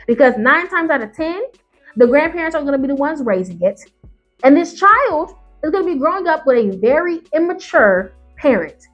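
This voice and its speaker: A woman's voice: high-pitched, a bit bright. A woman YouTuber giving ranting reaction commentary on Reddit stories, profane and emphatic, firing off rhetorical questions.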